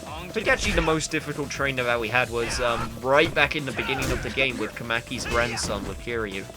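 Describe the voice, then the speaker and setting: While playing through a video game, a man gives rambling, chatty let's play commentary, exclaiming at the game now and then. His voice is medium-pitched and brisk, with music in the background.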